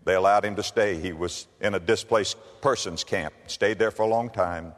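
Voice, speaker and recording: A low-pitched male preacher delivering a dramatic sermon, his voice swinging from hushed, intimate prayer to ringing shouts. A long reverb trails every phrase from the large church space around him. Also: moderate pace. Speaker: pastor.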